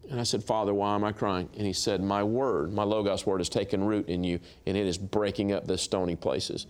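A middle-aged man, a guest minister, telling lively stories on a talk show and acting out dialogue with laughs. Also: lowish voice, fairly quick, clean tone. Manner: animated storyteller, acts out dialogue, laughs. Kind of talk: storytelling testimony on a talk show.

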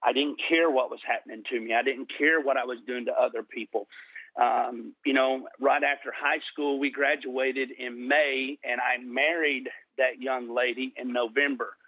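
A middle-aged man telling his personal testimony in an interview, earnest and slowing down for emphasis. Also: medium pitch, fairly even intonation, no room sound. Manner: earnest storytelling, slows for emphasis. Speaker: guest sharing testimony. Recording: tinny phone-like line.

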